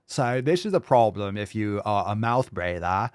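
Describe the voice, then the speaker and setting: A man's voice: on the low side, lively intonation, moderate pace, darkish tone, clean tone, no echo, clean studio sound. A man hosting a reaction commentary, blunt, profane and mocking. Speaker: host.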